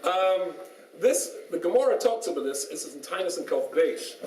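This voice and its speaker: Male rabbi, storyteller, joking lecture; higher voice, distant roomy recording with faint noise. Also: normal speed. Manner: joking storyteller, lively, laughs often. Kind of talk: humorous lecture. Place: small synagogue lecture room.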